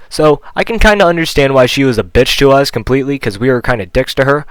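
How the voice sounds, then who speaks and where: A man's voice: medium pitch, lively intonation, fast talker, hardly any pauses, smooth, no room sound, rough recording. A teenage guy telling a casual storytime rant, rambling and profane, full of "like". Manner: rambling, profane, heavy use of "like". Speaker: vlogger.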